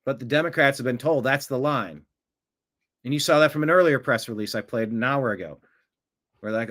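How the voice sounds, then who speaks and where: A man runs a political reaction stream in his everyday voice, neither high nor low. He is combative and sarcastic. He talks back to the clips he plays. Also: a little fast, pauses often, fairly bright tone. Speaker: political commentary host. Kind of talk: livestream reaction commentary.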